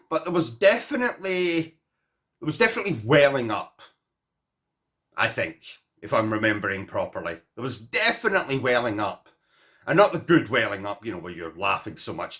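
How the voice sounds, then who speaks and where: A man's voice: medium pitch, bright, forceful tone. A man vlogging, telling a comic personal story to camera in a rambling, self-mocking way full of asides.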